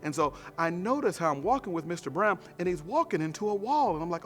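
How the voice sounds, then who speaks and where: A male pastor giving a short devotional sermon with lively, emphatic storytelling. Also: high-pitched, quick pace.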